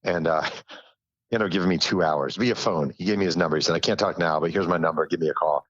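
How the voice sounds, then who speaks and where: A man's voice: low voice, fast, husky, dry recording, highs cut off. A man, a guest author on a podcast, telling stories in a self-deprecating way and acting out what others said. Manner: animated storyteller who acts out quotes, self-deprecating. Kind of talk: casual interview storytelling.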